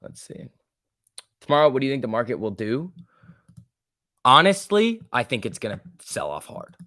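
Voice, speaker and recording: Young man, livestream host, joking chat reader, dry close sound, mid pitch. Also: sing-song, moderate pace, no echo. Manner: joking, reads chat aloud, shifts loud and soft. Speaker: stock trading livestream host.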